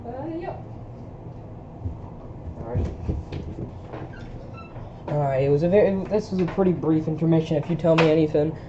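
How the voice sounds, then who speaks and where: A woman at home reading a film script aloud for laughs, stumbling over lines in a deadpan way. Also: deep voice, moderate pace, pauses often, muffled recording, background noise. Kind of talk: casual comedic script reading. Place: home with a pet dog.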